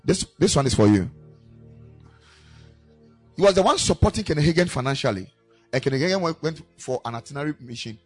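A man's voice: a little high, fairly quick, long pauses, breathy edge, faint music behind. A man preaching a sermon at a church camp, telling stories and acting out the voices of the people in them. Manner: animated storytelling preacher, acting out quoted voices. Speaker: pastor.

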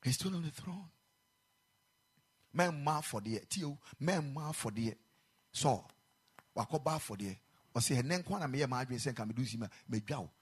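A man preaching a sermon in a chapel, moving between quiet speech and loud sung exhortation. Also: mid-range voice, animated, moderate pace, slightly rough.

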